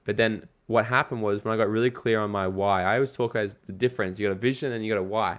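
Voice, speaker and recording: Fast-talking man with a motivational pitch. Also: steady tone, a bit bright. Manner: fast, emphatic, casually swearing. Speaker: guest, network marketing coach. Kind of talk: casual motivational interview talk.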